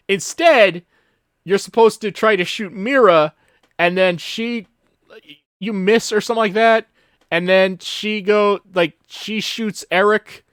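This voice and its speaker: A fairly high-voiced man chatting casually on a podcast, stumbling through his story with lots of "like" and "um" and the odd curse word. His voice sounds dry and close, with no room behind it. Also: a bit bright, clean tone, dry recording. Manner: rambling retelling full of fillers and restarts; casual and profane. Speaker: podcast host. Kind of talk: casual chat.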